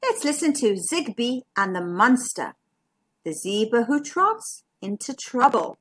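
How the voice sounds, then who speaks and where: A woman reading a children's picture book aloud in a slow, sing-song, expressive way. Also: a little high, breathy edge. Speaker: children's storyteller.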